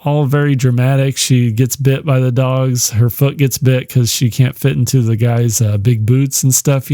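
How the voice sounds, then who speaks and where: A man's voice: mid-range voice, warm tone, dry recording, studio quality. A man hosting a podcast, retelling a novel's plot in a casual, rambling way, swearing freely and laughing now and then. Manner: rambling, profane, laughs often. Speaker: podcast host.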